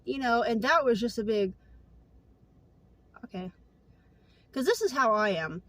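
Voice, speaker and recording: A woman's voice: fairly high pitch, animated, a little slow, fairly bright tone, dry recording. A woman in her late twenties telling a personal story in a casual vlog, candid and earnest, with lots of fillers. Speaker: vlogger.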